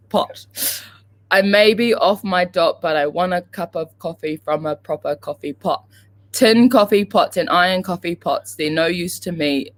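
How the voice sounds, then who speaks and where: A woman co-hosting a casual morning livestream, playful and laughing easily as she stumbles through tongue twisters. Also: fairly low pitch. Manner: giggly, playful, reads tongue twisters slowly. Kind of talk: casual chat.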